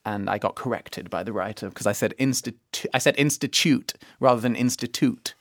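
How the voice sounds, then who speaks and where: A man's voice: on the low side, no room sound, clean studio sound. A young man with an English accent, a musical theatre performer telling stories in a casual interview. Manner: animated storyteller, quick bursts of laughter. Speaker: musical theatre actor and pianist.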